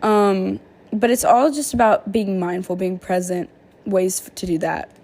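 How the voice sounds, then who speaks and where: A woman in a casual vlog, reading guided meditation steps aloud in a slow, calm voice and breaking in with offhand, informal asides full of "um" and "like.". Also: mid-range voice. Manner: informal fillers and slang like "um", "like", "y'all". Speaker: vlogger sharing therapy skills lessons.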